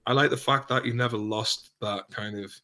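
A man's voice: medium pitch, steady tone, moderate pace, sharp tone. A man in casual podcast chat, rambling and swearing, often trailing off into mumbles.

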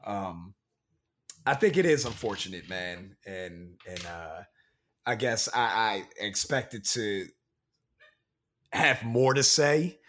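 On a casual podcast, a young Pennsylvania co-host speaks in a lowish, expressive, somewhat bright voice, going slowly and pausing often. Earnest and frustrated, he discusses being stereotyped in careful, proper speech, with slight background noise behind him.

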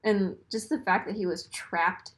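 A woman talks in a loose, excitable way, piling up fillers as she recounts scenes. Her voice sits in an ordinary middle pitch. She sounds like she is hanging out at home. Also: measured pace. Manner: rambling, excitable, lots of fillers and laughs. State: burping after beer. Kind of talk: casual chat.

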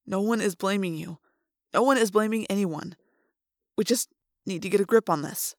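A woman reading an audiobook, voicing a steady teenage boy leader who talks in a low, measured, calming way. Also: no room sound, studio quality, lightly acted. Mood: grave.

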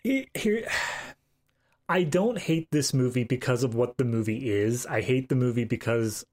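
A man's voice: medium pitch, lively intonation, measured pace, a little mellow. A man co-hosting a movie podcast, chatting casually with dry, sarcastic quips. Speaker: podcast co-host. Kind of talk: casual movie review chat.

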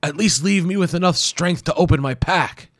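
A man voicing an injured, defiant male doctor adventurer with a raw, croaking voice, pitched high and strained. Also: moderate pace, a bit bright, no echo, lightly acted. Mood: pained.

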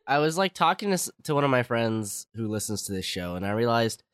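A man co-hosting a podcast in casual chat while sick, with dry, deadpan humor. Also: mid-range voice, fairly quick, clean tone, no room sound. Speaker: podcast co-host.

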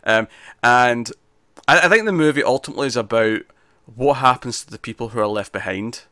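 Guy w chatting about a movie, bright voice, lots of uhs and restarts, dry sound. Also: mid-range voice, brisk, no echo. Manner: hesitant, with frequent restarts and fillers. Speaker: film reviewer. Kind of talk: casual film discussion.

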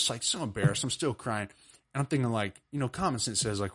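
A man in his twenties, co-hosting a podcast over a video call, telling an animated story and laughing often. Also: medium pitch, fairly quick. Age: 20s. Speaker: podcast co-host. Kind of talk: casual storytelling chat.

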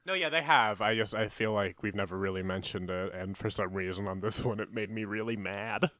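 A young man co-hosting a comedy podcast, animated and easily exasperated, with deadpan jokes. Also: on the low side, fairly quick, no echo. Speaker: podcast co-host. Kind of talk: casual comedic chat.

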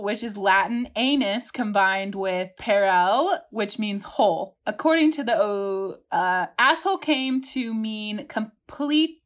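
A woman co-hosting a podcast in casual chat, laughing easily and tripping over words as she reads. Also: medium pitch. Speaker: podcast co-host. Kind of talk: casual chat, reading etymology notes.

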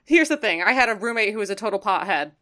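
Bright-voiced giggly woman co-host. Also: mid-range voice, expressive, quick pace. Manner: giggly, candid anecdotes. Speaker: podcast co-host. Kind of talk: casual podcast chat.

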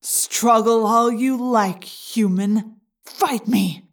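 Woman doing a smug alien slug guy, slow and taunting, kinda hushed, audiobook. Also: fairly high pitch, recorded from a distance. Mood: gloating. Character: gloating male alien slug parasite, cold and mocking. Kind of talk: audiobook character reading.

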